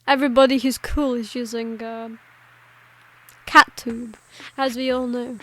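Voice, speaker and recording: A woman's voice: fairly high pitch, level tone, a little slow, pauses often. A woman gaming streamer making casual, chatty, giggly asides during a let's-play.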